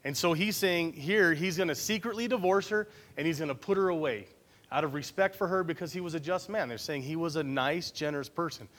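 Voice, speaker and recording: A man's voice: on the high side, fairly quick, a bit bright. A man preaching a conversational Bible-study sermon, often checking in with his listeners by asking "right?".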